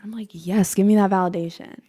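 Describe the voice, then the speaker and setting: A woman's voice: mid-range voice, a little fast. A woman in her twenties, a college student from Maryland, talking to the camera in a casual, self-mocking chat with a slight put-on Southern twang and frequent laughs. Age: 20s. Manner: chatty and animated, self-mocking, laughs often. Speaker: vlogger. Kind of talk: casual stream-of-consciousness chat.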